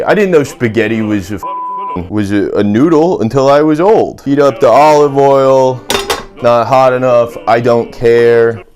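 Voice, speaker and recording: A young Midwestern man talks his way through a home-kitchen cooking vlog. His voice sits at a middle pitch, and his delivery is grumpy, deadpan and sarcastic, with lots of cursing. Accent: Midwestern American. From Michigan. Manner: grumpy, sarcastic, swears often. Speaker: cooking video host.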